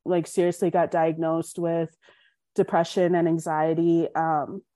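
A woman's voice: on the low side, a little slow, no echo, studio quality. A young woman from Colorado, a podcast guest, telling her life story frankly and acting out the voices of people in it. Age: young adult. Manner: frank, animated, acts out quoted dialogue. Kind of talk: candid interview storytelling.

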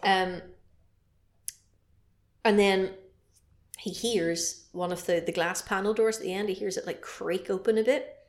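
On a podcast she co-hosts, this woman recounts a horror film in a casual, animated chat, adding playful sound effects. Her voice sits in the mid-range with fairly even intonation, and she speaks unhurriedly, pausing often, in a reverberant room.

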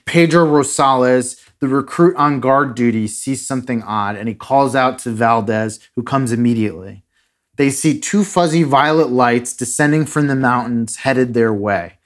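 A man hosting a podcast, casually retelling a strange story with dramatic pauses and a few fillers. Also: mid-range voice. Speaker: podcast host.

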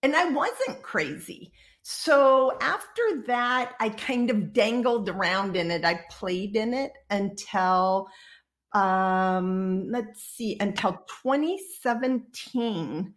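A woman in her sixties from Iowa, a guest on a video call, telling her story in a lively, casual way and acting out the people she quotes. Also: medium pitch, slow. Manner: lively storyteller who acts out quoted dialogue. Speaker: guest psychic medium.

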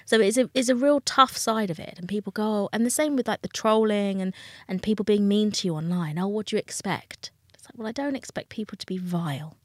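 A woman's voice: mid-range voice, a little fast, few pauses, no echo, clean studio sound. A woman, a dating coach talking frankly and with feeling as a guest in an interview. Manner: frank, emotional, acts out quoted voices. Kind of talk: candid interview talk.

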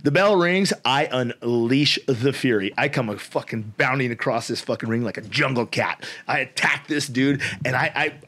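A man's voice: medium pitch, normal speed, few pauses. A man in his forties telling a story as a podcast guest, swearing freely and laughing often. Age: 40s. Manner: profane, animated, laughs often. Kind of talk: casual storytelling.

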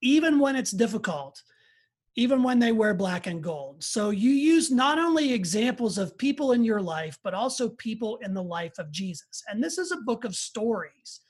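Earnest interviewer with a husky, breathy voice. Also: mid-range voice, very animated, moderate pace.

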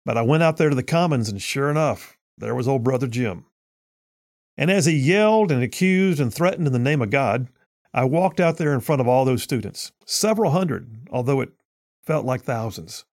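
A man's voice: mid-range voice, lively intonation, moderate pace, darkish tone, no echo, clean studio sound. Folksy man in his fifties. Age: 50s. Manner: folksy, earnest, uses homespun sayings. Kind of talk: personal storytelling commentary.

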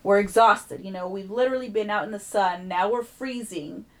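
A woman's voice: mid-range voice, moderate pace. A woman hosting a podcast, telling a travel story in casual chat and acting out the people in it with plenty of swearing. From United States. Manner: animated, profane, acts out dialogue.

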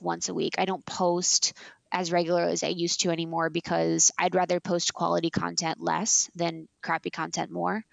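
Woman in her late 20s, vocal fry, low-pitched, casual guest chat, filler-heavy, dull dry sound. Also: dry recording. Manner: chatty, frequent "like" and "you know" fillers, emphatic. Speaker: podcast guest, blogger and podcaster.

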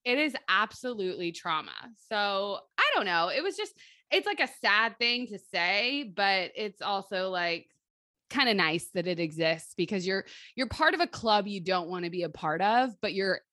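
A woman in her thirties, co-hosting a casual podcast chat and telling stories with lively, animated delivery. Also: medium pitch, normal speed, no room sound, clean studio sound. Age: 30s. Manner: lively, animated storytelling with quoted voices and laughs. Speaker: podcast co-host and life coach.

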